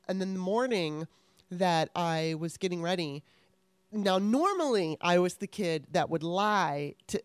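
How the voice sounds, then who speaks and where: A woman in casual chat, telling stories in an animated way and laughing often. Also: lowish voice, smooth, dry recording.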